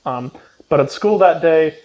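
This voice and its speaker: A man's voice: a little high, lively intonation, unhurried, darkish tone, low-quality recording. A man recapping a book casually, rambling with lots of ums and swearing, and acting out the characters' lines. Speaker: book reviewer.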